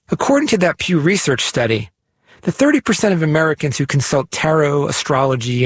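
A man hosting a podcast, narrating and interviewing in a measured, explanatory way. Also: medium pitch, husky. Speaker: podcast host.

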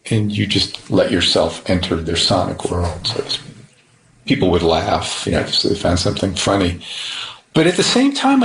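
A man being interviewed, looking back in a reflective way. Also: lowish voice. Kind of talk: reminiscing interview. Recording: roomy echo.

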